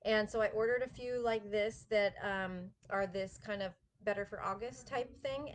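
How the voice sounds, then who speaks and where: Chatty woman hosting a knitting live chat. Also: medium pitch. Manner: chatty, enthusiastic, laughs often. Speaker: knitting shop host. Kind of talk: casual live-stream chat.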